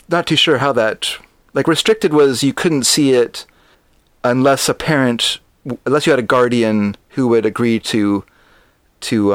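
A man's voice: mid-range voice, dry recording. A middle-aged man co-hosting a casual film podcast, rambling and correcting himself as he goes. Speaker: podcast co-host.

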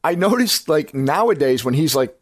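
A man's voice: a little high, sing-song, normal speed, no room sound, studio quality. Rambling, enthusiastic male podcast host. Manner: rambling, enthusiastic, self-correcting. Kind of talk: casual film-review chat.

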